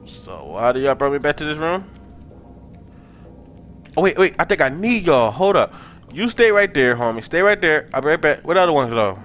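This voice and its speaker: Young male gaming host, loose casual commentary, excitable and swearing, voice a touch high. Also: moderate pace, long pauses, faint music behind. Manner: excitable, yells and swears when startled. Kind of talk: casual let's play commentary.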